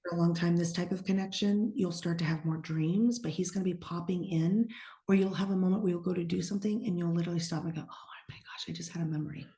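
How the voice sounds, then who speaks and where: A woman's voice: fairly low pitch, steady tone, fast. Sassy, blunt woman medium in an echoey room. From eastern United States. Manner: sassy and blunt, drops into hushed whispers when quoting. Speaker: psychic medium guest. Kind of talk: casual podcast conversation.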